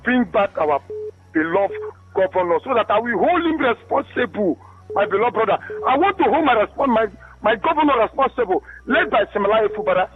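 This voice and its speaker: A man's voice: sits high, animated, brisk, husky. A Nigerian man from Rivers State calling into a radio show, speaking with passionate pleading and calling the host his beloved brother. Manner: impassioned, pleading, keeps saying "my beloved brother". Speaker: caller. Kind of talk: call-in radio commentary. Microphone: phone call into a radio studio. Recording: muffled phone line.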